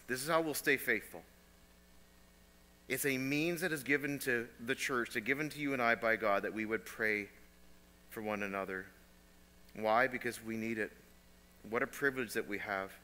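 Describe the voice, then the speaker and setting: A man preaching a sermon as pastor, earnest, repeating phrases and moving between soft and emphatic delivery. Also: medium pitch, in a large hall. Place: church sanctuary.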